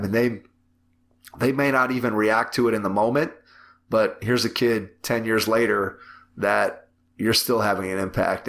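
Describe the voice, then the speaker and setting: A man hosting a podcast interview, talking in a measured, reflective way and summing up his guest's points. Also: lowish voice, a bit bright. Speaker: podcast host. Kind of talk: casual interview chat.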